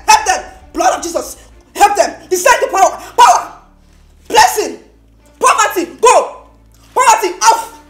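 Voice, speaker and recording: An actress with a Nigerian accent playing a proud homeowner who shouts at her housemates and laughs at them in scorn. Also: extremely high pitch. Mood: ranting. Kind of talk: Nollywood film acting. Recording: echoey room with faint music.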